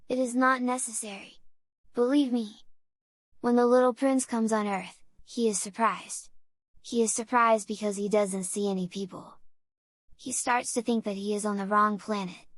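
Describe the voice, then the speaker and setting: A woman narrating a simple storybook for English learners, reading in a clear, measured way. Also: mid-range voice, no echo.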